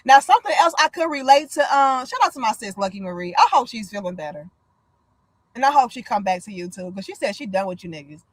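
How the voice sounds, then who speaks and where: A woman's voice: fairly high pitch, fast, dry recording. A woman in her thirties, from the United States, hosting a casual livestream chat, blunt and profane, telling stories with lots of energy. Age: 30s. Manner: blunt, profane, animated storytelling. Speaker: livestream host.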